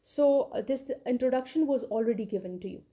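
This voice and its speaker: A woman's voice: a little high, brisk, warm tone. A woman giving a recorded English literature lecture, who explains patiently, repeats key words and often checks in with "okay".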